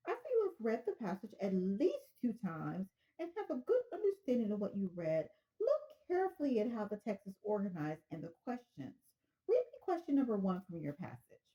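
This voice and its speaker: A woman voicing a confident, seasoned expert on the phone who talks slowly and patiently to calm a caller. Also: medium pitch, highs cut off. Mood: reassuring. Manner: slow, patient, reassuring, deliberate.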